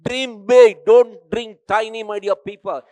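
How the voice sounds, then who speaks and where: A man's voice: high-pitched, steady tone, measured pace, a little mellow, dry recording. Emphatic older Indian man giving keynote. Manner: emphatic, exhorting, addresses crowd directly. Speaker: keynote speaker. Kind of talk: motivational keynote speech.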